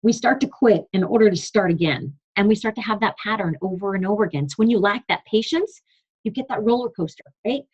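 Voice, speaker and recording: Earnest woman coach with a husky voice. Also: mid-range voice, fairly quick, a little mellow, lo-fi sound. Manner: earnest and emphatic, reading from notes. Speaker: fitness business coach leading a team call. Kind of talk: motivational team call talk.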